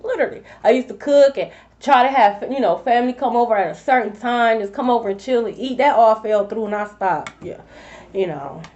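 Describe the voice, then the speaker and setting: A woman's voice: a little high, brisk, darkish tone. A woman giving a collective tarot reading, blunt and profane, repeating her points for emphasis. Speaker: tarot reader. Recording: dull lo-fi recording.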